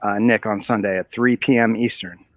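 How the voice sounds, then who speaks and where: Halting man on a dry mic. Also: lowish voice, fairly even intonation, no room sound. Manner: hesitant, halting speech. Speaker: comic creator guest. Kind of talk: casual livestream chat.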